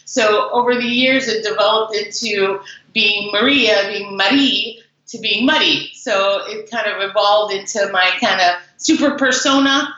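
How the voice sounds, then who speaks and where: A woman's voice: mid-range voice, a little slow. A woman in her forties from the Chicago suburbs, chatting as an interview guest and telling stories with lots of fillers. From Chicago suburbs, USA. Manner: chatty, animated storyteller with fillers. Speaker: guest, business founder. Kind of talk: casual interview storytelling. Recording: very echoey, dull lo-fi remote audio.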